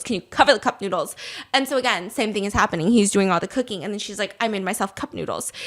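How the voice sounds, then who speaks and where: Animated, high-voiced woman telling a story. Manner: animated, laughs often, acts out quotes. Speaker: podcast host. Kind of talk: casual storytelling chat.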